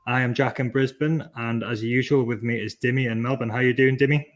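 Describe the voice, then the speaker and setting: A man's voice: mid-range voice, fairly even intonation, brisk. A man hosting a podcast in a friendly, joking, upbeat way, introducing and questioning a guest. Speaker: podcast host.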